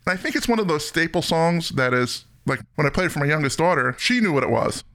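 A man's voice: fairly high pitch, animated, fast, fairly bright tone. A middle-aged man hosting a podcast, chatting casually and enthusiastically about music and laughing often. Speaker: podcast host.

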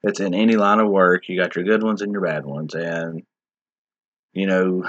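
A man's voice: low-pitched, fairly even intonation, normal speed, a bit bright, no echo, dull audio. A man in a casual discussion, talking in a rambling, hesitant way with many restarts and filler words.

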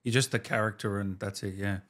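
A man's voice: fairly low pitch, fairly even intonation, fairly quick, fairly bright tone. A male host asking curious, encouraging questions in a casual interview. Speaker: podcast host.

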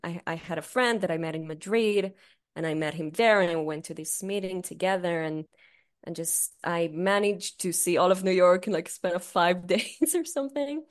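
A young woman co-hosting a podcast, with a voice that sits a little low. She tells stories in a loose, casual way. She swears freely and laughs often. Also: normal speed. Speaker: podcast co-host. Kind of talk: casual chat.

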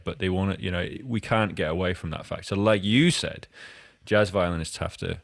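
A man's voice: sits low, creaky, dry recording, clean studio sound. A Scottish man hosting a podcast interview, talking in a loose, rambling way with many restarts. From Scotland. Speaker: podcast host. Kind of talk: casual interview chat.

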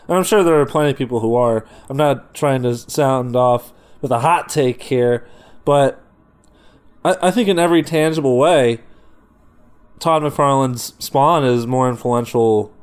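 A man's voice: mid-range voice, unhurried, clear, resonant tone. A man co-hosting a comics podcast in casual chat, wry and teasing. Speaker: podcast co-host.

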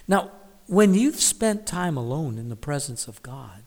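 A man's voice: a little high, sing-song, a little slow, darkish tone, big-room sound. A man giving a devotional Bible reading and reflection, thoughtful, sometimes dropping to a whisper on key words. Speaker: Bible teacher.

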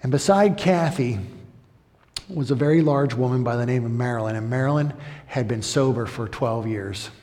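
A male pastor preaching a sermon with passion, building to loud, emphatic peaks. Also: mid-range voice, moderate pace. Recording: echoey hall.

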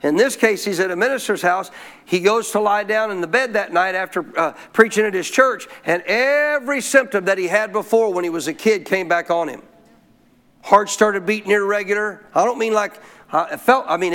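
A man preaching a sermon as pastor, telling a story with lively questions to the congregation. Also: high voice, a little fast. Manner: animated storytelling, asks the crowd questions.

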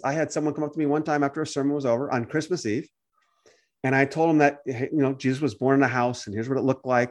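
A man who hosts a podcast and preaches, talking casually and acting out the voices of people he quotes. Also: medium pitch. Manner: animated storytelling, acts out quoted voices. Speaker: podcast host and pastor. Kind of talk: casual conversation.

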